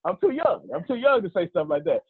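A man's voice: sits high, big pitch swings, quick pace, slightly rough. A man, a motivational speaker telling personal stories in a joking, conversational way with preacher-like asides. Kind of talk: casual storytelling talk. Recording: phone-like lo-fi line.

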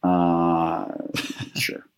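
A man in a casual podcast chat, speaking low-key and trailing off self-deprecatingly. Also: monotone, drawn-out words, creaky.

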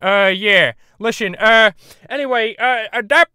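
Man putting on bumbling cartoon father, high smooth voice, hesitant rambling, dry sound. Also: a little slow, bright, forceful tone, no room sound, exaggerated voice. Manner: rambling, hesitant, full of filler. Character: bumbling cartoon dad, middle-aged man. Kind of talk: parody voice acting.

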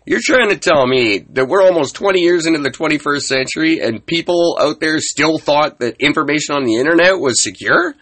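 A man's voice: fairly high pitch, expressive, brisk, hardly any pauses, fairly bright tone. A man doing a baffled guy stuck in 1994. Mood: incredulous. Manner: incredulous, talking to an unseen person. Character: bewildered man who thinks it is still 1994.

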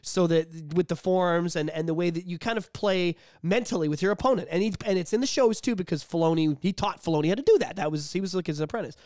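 An excitable man chatting on a podcast, his voice sitting high and close to the mic in a dry, dead room. He swears freely and jumps into acted-out quotes with big swings in pitch and loudness. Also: quick pace, hardly any pauses, no room sound. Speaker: podcast co-host. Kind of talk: casual podcast chat.

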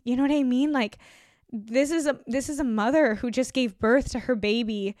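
A woman's voice: a little high, normal speed, darkish tone, dry recording, clean studio sound. A young woman hosting a podcast, talking in a rambling, earnest way with many fillers and restarts. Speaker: podcast host. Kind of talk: casual spoken reflection.

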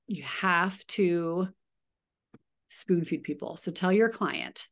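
A woman's voice: fairly low pitch, slow pace. A woman in her thirties leading a team video call, chatty and upbeat with frequent asides and coaching pep.

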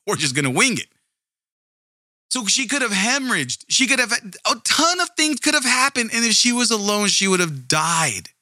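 A man's voice: extremely high pitch, expressive, moderate pace, hardly any pauses, bright, forceful tone, no room sound, clean studio sound. A man giving profane, indignant commentary, sarcastic and mocking as he rants. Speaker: commentary video host.

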